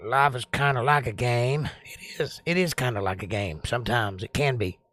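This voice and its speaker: A man's voice: medium pitch, normal speed, fairly bright tone. A man from Georgia with a Southern accent, hosting a casual livestream, reading chat comments and rambling with jokes. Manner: rambling, joking, drawling. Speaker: livestream host.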